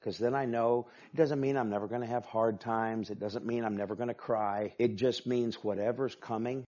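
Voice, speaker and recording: A male pastor preaching a sermon with emphatic delivery, swinging from hushed asides to loud, forceful passages. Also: mid-range voice, steady tone, moderate pace. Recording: dull lo-fi sound.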